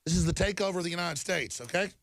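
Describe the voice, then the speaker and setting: A man's voice: high voice, racing, gravelly, fairly bright tone, no echo. A middle-aged man hosting a talk show, delivering a heated, repetitive monologue to viewers while reading headlines.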